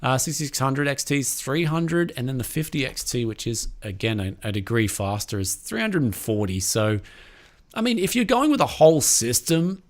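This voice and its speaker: A man's voice: mid-range voice, big pitch swings, moderate pace. An Australian man hosting a tech live stream, chatting casually with lots of slang. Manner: laid-back, slangy, lots of "like" and "dude". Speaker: tech channel host. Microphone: streaming mic, remote call.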